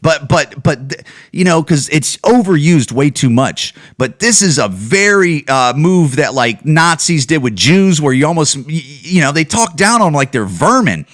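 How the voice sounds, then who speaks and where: Animated ranting man, podcast host. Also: on the high side, normal speed. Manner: heated, profane, with many restarts and repeated words. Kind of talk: ranting solo podcast commentary.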